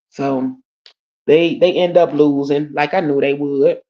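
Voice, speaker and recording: A woman's voice: low voice, steady tone, unhurried. A woman tells a casual story on a livestream from home. She is blunt and profane, uses slang and keeps calling out to her viewers. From Detroit, USA. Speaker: livestream host. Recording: dull lo-fi stream audio.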